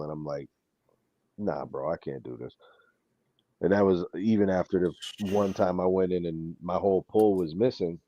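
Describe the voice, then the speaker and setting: A man's voice: deep voice, no room sound. A man with a New York accent in a casual chat, telling a story with energy and acting out what other people said. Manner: animated storytelling, acts out quoted people. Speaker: co-host. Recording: dull lo-fi sound.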